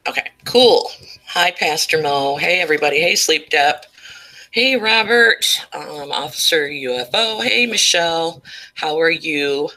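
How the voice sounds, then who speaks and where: A woman runs a casual live stream through a cheap microphone, her voice bright and a little tense. She talks at an unhurried, drawn-out pace and keeps breaking off to greet viewers by name. A slight tickle sits in her throat. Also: low voice, lively intonation, poor audio. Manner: chatty, greets viewers by name while talking.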